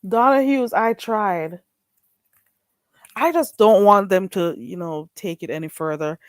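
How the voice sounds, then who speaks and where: A woman hosts a casual live-stream chat at an unhurried pace. She talks in a chatty, meandering way with drawn-out exclamations. Her voice is close and dry, with no room echo. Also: medium pitch. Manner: chatty, drawn-out "ooh"s and frequent laughter.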